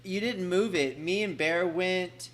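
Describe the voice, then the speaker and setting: A man's voice: high-pitched, measured pace, a bit bright. A man playing a tabletop game, chatty and jokey. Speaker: player. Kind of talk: casual game talk.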